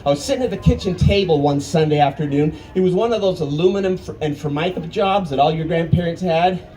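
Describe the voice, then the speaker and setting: A man in his fifties telling a family story on stage at an arts festival, in a folksy, animated way with dramatic pauses. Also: fairly high pitch, rough recording. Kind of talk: live storytelling.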